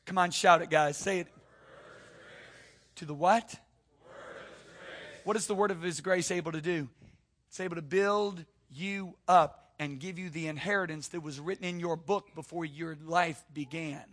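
A man's voice: a little high, steady tone, normal speed, fairly bright tone. A male pastor preaching a sermon, emphatic, calling out to the congregation and repeating words for stress.

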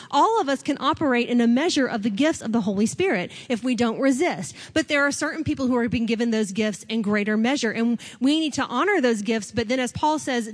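A woman pastor with a fairly high voice delivers a sermon in an easy, chatty manner. She laughs often and slips into little voices when she acts out what people say. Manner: conversational, laughs often, acts out quoted speakers.

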